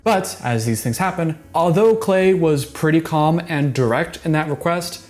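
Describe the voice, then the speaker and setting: A man with a fairly high voice gives earnest, analytical commentary on a reality show clip. He restarts his sentences often as he works through his points. Faint music runs underneath. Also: lively intonation, a little slow, a little mellow. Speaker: reaction commentator. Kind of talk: casual video commentary.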